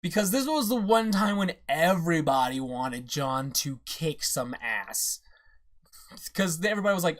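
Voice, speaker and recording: A reaction-video host in casual commentary who reads comic dialogue aloud, rants excitedly and swears freely. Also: medium pitch, moderate pace.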